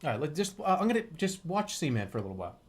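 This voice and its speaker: A man's voice: on the high side, sing-song, very fast. A streamer from Boston, joking and swearing in casual livestream chat while he eats, talking with his mouth full. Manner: joking, profane, reacts to chat.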